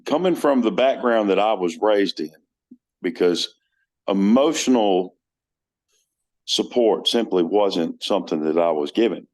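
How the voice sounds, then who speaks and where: A man's voice: on the low side, animated, measured pace, darkish tone. A man talking as a podcast guest in casual chat, telling stories earnestly with many restarts.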